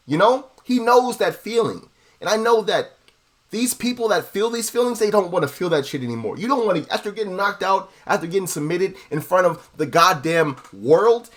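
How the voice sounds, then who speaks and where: A young man riffs through a casual fight breakdown, his pitch sitting a bit high and leaping around as he gets worked up. He swears constantly, stumbles into repeats, and peppers everything with bro and dude. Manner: profane, excitable, repeats himself, says bro and dude. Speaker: MMA analysis host. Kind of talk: casual fight analysis monologue.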